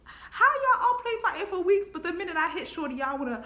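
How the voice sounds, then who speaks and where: A young adult woman telling a casual storytime in an animated way, laughing often and acting out the quotes. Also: very high voice, brisk, very noisy. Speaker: vlogger. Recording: echoey room.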